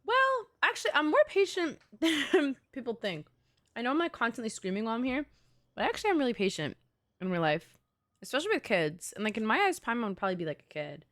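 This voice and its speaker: Young woman streaming games, gets excited and laughs a ton, voice jumps all over, kinda high. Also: fast talker. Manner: excitable, laughing, pleading to chat. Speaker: game streamer. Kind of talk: live gaming stream chat.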